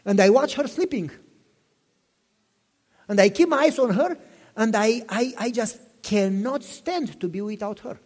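A man's voice: sits high, animated, a little slow, pauses often, a little mellow. A pastor in his fifties preaching a sermon, telling personal stories with passion, repeating himself and asking listeners questions. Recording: long reverb in a hall.

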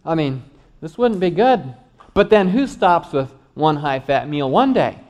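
A middle-aged man, a doctor, giving an animated health lecture with joking asides to his audience. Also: fairly high pitch, unhurried.

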